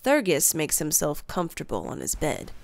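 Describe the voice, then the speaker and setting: A woman narrating a tabletop adventure like a storybook, expressive and unhurried. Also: sits low, creaky. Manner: slow, expressive telling with character voices. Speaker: game master narrator.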